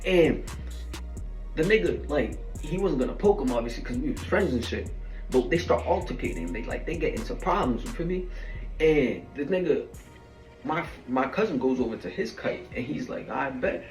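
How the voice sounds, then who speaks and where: A man's voice: mid-range voice, animated, brisk, a little mellow, reverberant. Man, casual storyteller, slangy and rambling; distant mic, faint music underneath. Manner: slangy, rambling, heavy fillers.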